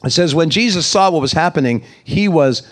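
A man's voice: on the high side, lively intonation, fairly quick. A man preaching a sermon in a conversational way, asking his congregation questions as he reads and explains the passage. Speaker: pastor. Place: church service.

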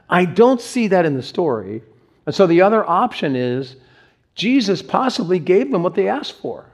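A man, a pastor, delivering a conversational sermon with dramatic pauses and acted-out quotes. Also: on the high side, very animated, dull audio.

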